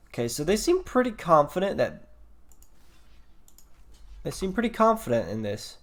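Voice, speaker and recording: Man, casual gameplay commentary, rambling, thinking aloud, self-deprecating, mid-pitched, a bit tired. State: yawning, a little tired.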